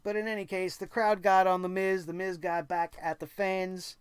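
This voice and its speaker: Sarcastic, high-voiced male wrestling ranter. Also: little pitch movement, moderate pace, clean tone, no echo. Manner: sarcastic, exasperated ranting with mocking impressions. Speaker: wrestling show host. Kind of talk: opinionated recap commentary.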